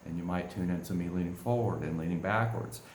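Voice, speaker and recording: A man with a very low voice teaches in an easygoing way, often ending his points with a quick "right?" He sounds like a coach giving a talk. The recording has a roomy echo. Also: a little mellow, a little hiss or hum. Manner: conversational, keeps asking "right?".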